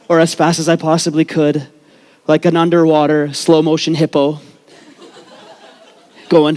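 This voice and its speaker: At a storytelling event, a young Canadian man relates a funny personal tale to a live audience, mocking himself and cursing freely. His voice is fairly high and darkish, with a steady tone, normal speed, and long pauses.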